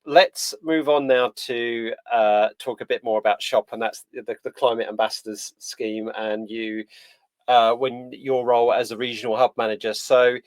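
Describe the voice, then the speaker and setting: A man's voice: mid-range voice, steady tone, moderate pace, no room sound. A man hosting a podcast interview in a casual, rambling way with lots of fillers and restarts. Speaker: podcast host.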